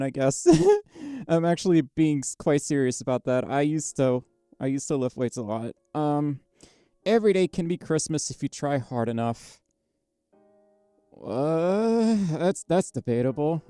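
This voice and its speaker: A tired livestreamer chatting casually with viewers, speaking quietly and haltingly, with lots of fillers and a microphone right up against the mouth inside a costume head. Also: no echo. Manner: quiet, low-energy, halting with many fillers. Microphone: microphone very close to the mouth inside a costume head.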